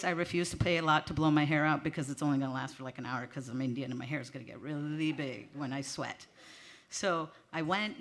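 On a small theater stage before a live audience, a woman performs a stand-up comedy set into a handheld stage mic. Her low voice is bright and forceful, and she comes across as chatty, self-mocking, and slightly nervous, laughing at herself.

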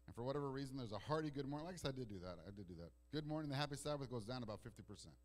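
A male pastor preaches from the pulpit of a church. He swings from ringing declarations to near-whispered, drawn-out phrases. He often repeats a word or restarts a phrase before pressing on. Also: mid-range voice, animated. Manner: dramatic swings between loud declarations and hushed, slow passages. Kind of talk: sermon. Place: church sanctuary.

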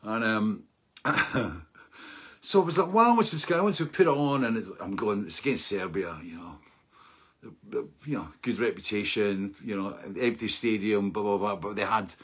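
A Scottish man chatting casually as host of his stream, rambling and animated, laughing often as he talks. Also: lowish voice, slightly rough. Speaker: livestream host. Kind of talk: casual storytelling chat.

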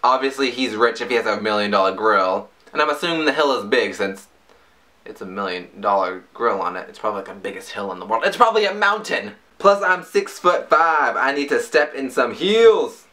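A man reviewing song lyrics in a casual, jokey way, breaking into high yelps. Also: lively intonation, a little fast, pushed and bright. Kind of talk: casual comedic commentary.

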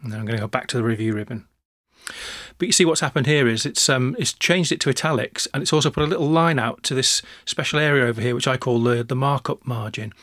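A man narrating a screencast software tutorial, talking through each step in a relaxed way with small restarts. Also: mid-range voice, fast, dry recording, studio quality.

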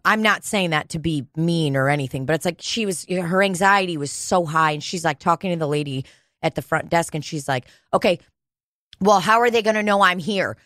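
Woman, podcast co-host, casual profane storytelling, lower voice, dry studio sound. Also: a bit bright, no room sound. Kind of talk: casual chat.

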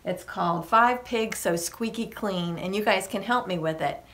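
A woman librarian reading a picture book aloud to children, expressive and coaxing as she invites them to join in. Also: medium pitch, normal speed.

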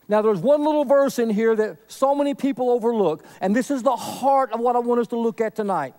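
A man preaching a sermon, earnest, swinging from loud emphasis to a near whisper. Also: very high voice, a little fast, few pauses. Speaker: pastor.

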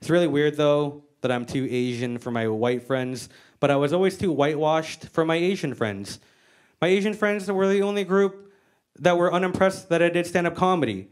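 A woman's voice: deep voice, normal speed, darkish tone. An American woman doing a stand-up comedy set on stage, brash, profane and self-mocking. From United States. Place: comedy stage before a live audience.

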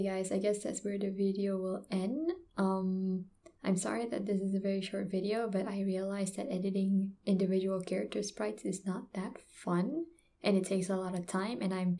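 A young woman in college, reacting to an animation with gasps and exclamations, then chatting casually to her viewers. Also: medium pitch. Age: young adult. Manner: excitable, gasping and exclaiming, then rambling. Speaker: reaction video host.

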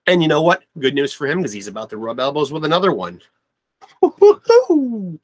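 A man's voice: mid-range voice, lively intonation, fast, no echo. A man hosting a podcast as a boastful glam-rock showman, swaggering through his comic patter. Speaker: podcast host. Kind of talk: comic interview in a glam-rocker persona.

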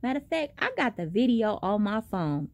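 A young woman telling a story in a casual vlog, animated and profane, with big jumps in pitch. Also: moderate pace, dry recording. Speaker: vlogger.

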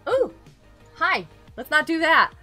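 A woman's voice: sits high, very animated, takes it slowly, sharp tone, faint music behind. A young woman live-streaming a game, chatting casually and giggling often as she greets viewers.

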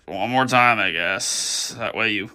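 A man's voice: fairly low pitch, unhurried, sharp tone, clear, resonant tone. A man casually talking to the camera while he fiddles with a toy recording, rambling and stammering as he thinks aloud. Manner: stammering, rambling, muttering to himself.

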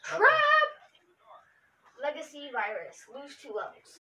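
A young woman chiming in during a family card game, chirpy and teasing. Her voice sits high and bounces around a lot. She is far from the mic, with clear hiss behind her. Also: expressive. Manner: chirpy, quick to jump in and tease. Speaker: card game player, daughter. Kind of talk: casual banter at a card game.

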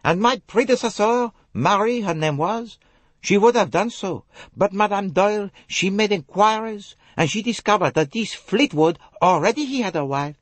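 A man voicing an excitable, emphatic young female lady's maid in an audiobook. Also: high-pitched, moderate pace, dry recording, voice pushed up. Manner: emphatic, insistent. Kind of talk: audiobook character voice.

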